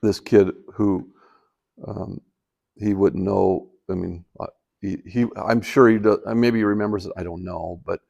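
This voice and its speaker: A man's voice: sits low, fairly even intonation, a little slow, creaky, dark tone, highs cut off. An older man in retirement telling a personal story in a casual, rambling way, with many fillers and restarts. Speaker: vlogger telling life stories.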